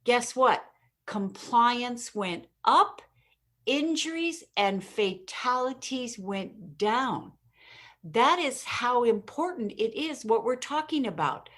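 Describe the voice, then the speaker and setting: Energetic, emphatic woman telling stories. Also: on the high side, slow. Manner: energetic, emphatic storyteller who laughs at her own jokes. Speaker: interview guest, communication expert. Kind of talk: conversational interview.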